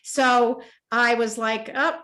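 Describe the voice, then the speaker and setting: A woman in her fifties, an author telling a personal story in an emotional, animated way at a virtual interview event, acting out the voices in her story. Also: fairly high pitch, slow. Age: 50s. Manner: animated, emotional, acts out quoted dialogue. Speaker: author and toy company co-founder. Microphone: video call.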